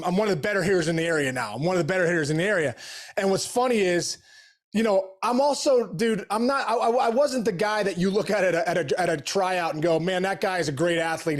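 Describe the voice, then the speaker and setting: A middle-aged man, a guest on an interview show, telling stories in an energetic, animated way with slangy asides. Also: high voice. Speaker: podcast guest, former pro baseball player. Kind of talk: casual storytelling interview.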